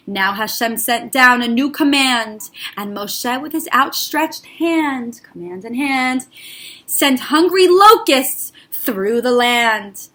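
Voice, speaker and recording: A woman storyteller reads to young children in a playful, sing-song way, slow and clear. Her high voice swoops up and down with lots of expression. The tone is bright and ringing. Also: lively intonation. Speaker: teacher reading to children. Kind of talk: read-aloud storytelling with movement games.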